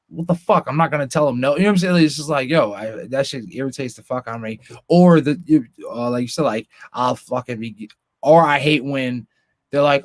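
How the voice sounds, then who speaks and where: A man co-hosting a casual podcast, swearing constantly and mimicking family members in high voices. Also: fairly quick, no echo. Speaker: podcast co-host.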